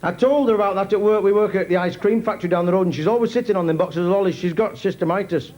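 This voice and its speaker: A man's voice: high voice, rapid-fire, voice pushed up, natural voice. A man voicing a blunt, chatty young working-class woman at a bar. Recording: hissy old TV recording.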